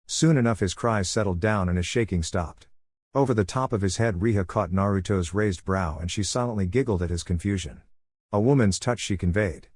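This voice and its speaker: A man narrating fan fiction aloud in a steady, even reading. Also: fairly low pitch, a little fast, no room sound.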